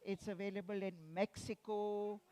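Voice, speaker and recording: A woman author leading a playful, interactive session with children at a festival, coaxing them with slow prompts. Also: medium pitch, little pitch movement, warm tone. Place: festival venue.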